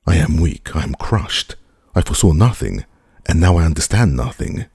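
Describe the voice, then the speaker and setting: A man's voice: a bass voice, expressive, normal speed, creaky, darkish tone, slightly rough, no room sound, studio quality, voice pushed up, heavily acted. A man voicing a stiff, self-pitying grieving official with a thin voice and formal speech. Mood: humiliated.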